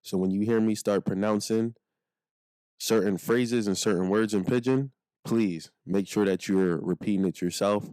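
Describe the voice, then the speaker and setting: A man with a Nigerian accent teaching a casual language lesson, slowing down to say phrases for the listener to repeat. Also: on the low side, steady tone, warm tone, clean tone, dry recording, clean studio sound. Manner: slows down to model phrases for repeating.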